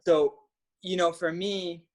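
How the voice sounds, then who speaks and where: A passionate man, his voice pitched a little high. He talks casually and emphatically, now and then swearing, as he tells a story as a coach. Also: steady tone, slow. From Canada. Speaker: trainer and guest coach.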